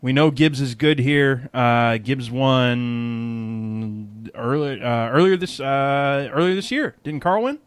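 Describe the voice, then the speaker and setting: A man's voice: slow, clear, resonant tone, no echo. A man hosting a podcast in a jokey, chatty way, laughing often. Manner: jokey, laughs often, pitch jumps around. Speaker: podcast host. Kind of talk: casual podcast chat.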